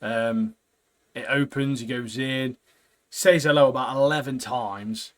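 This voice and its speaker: A man chatting on a podcast, lively and easygoing as he retells an episode. His voice sits in a middle register and he often drops a friendly "mate". He laughs readily while keeping things casual. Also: medium pitch, unhurried. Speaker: podcast co-host. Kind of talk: casual chat recapping a TV episode.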